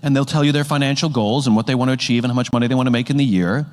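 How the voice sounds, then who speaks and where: A man's voice: mid-range voice, rapid-fire, darkish tone. A man giving a talk on leadership, explaining his points through everyday analogies. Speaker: leadership speaker. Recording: long hall reverb.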